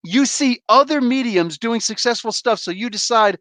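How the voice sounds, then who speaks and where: A man's voice: high-pitched, expressive, unhurried, few pauses, sharp tone, no echo. A man hosting a live comic book review, ranting in an exasperated, blunt way, swearing casually and calling out viewers in chat. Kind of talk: heated live review rant.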